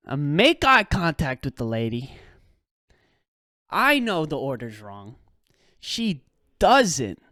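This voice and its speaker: A young man rants through a comic story on his podcast. His voice swings widely in pitch and the delivery is loose, rambling and slangy. It sounds close and dry, with no room around it. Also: big pitch swings, slow pace, long pauses, sharp tone, no echo. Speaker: podcast host. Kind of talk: casual comedic rant.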